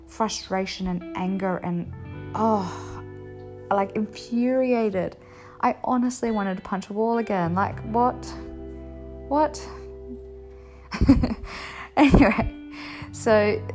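A young woman speaking candidly to her viewers in a relaxed confessional vlog. Her voice sits at a medium pitch and she talks bluntly, swearing freely and laughing between points. Soft music plays faintly underneath. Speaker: vlogger sharing her experience. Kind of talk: casual confessional talk to camera.

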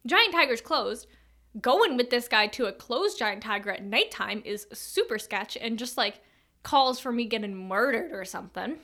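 A woman's voice: on the high side, lively intonation, normal speed, bright, forceful tone. A young woman in her twenties casually telling a personal story, chatty and rambling, full of fillers and tangents.

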